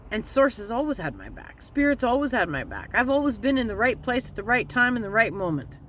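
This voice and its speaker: A woman giving a casual, candid motivational talk as a spiritual vlogger, plainspoken and slowing down to stress her points. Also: a little high, big pitch swings, fairly bright tone, a little hiss or hum.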